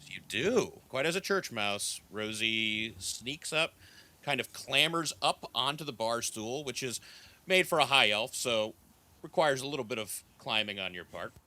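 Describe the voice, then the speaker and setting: A man's voice: mid-range voice, animated, a little slow, sharp tone. A man narrating as game master of a tabletop game in an easygoing, descriptive way.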